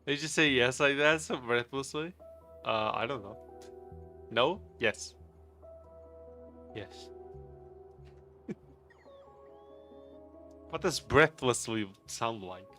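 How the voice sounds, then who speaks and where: A man's voice: mid-range voice, takes it slowly, long pauses, sharp tone, soft background music. A man live streaming a game, chatting casually with viewers, greeting them by name and laughing often in a playful, rambling way. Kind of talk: casual live stream chat while gaming.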